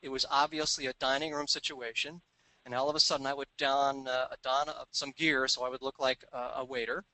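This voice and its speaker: A middle-aged man giving a business talk, telling stories and acting out the dialogue in quick voices. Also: medium pitch, flat delivery, pushed and bright, no echo, rough recording. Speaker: business speaker. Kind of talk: recorded seminar talk.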